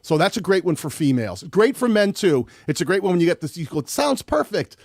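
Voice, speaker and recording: A man's voice: fairly high pitch, animated, quick pace, darkish tone, no room sound, studio quality. A man hosting a live-streamed audio tutorial, talking casually and rambling a little, with a slight lisp on his S sounds. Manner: chatty, rambling with restarts. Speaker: host.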